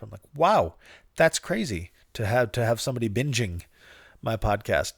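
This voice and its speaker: Guy rambling on his podcast, lowish voice, swears a lot, laughs, dry cough, close dry mic. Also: big pitch swings, moderate pace, vocal fry, husky, dry recording. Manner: rambling, profane, self-mocking, laughs often. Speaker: podcast host. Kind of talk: casual solo podcast talk. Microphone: studio podcast mic.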